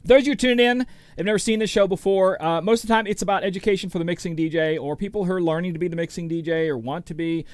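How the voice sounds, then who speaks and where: A man's voice: high voice, very fast, clear, resonant tone, no echo. A middle-aged man hosting a DJ livestream, chatting casually and rambling as he greets viewers by name. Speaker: DJ and show host.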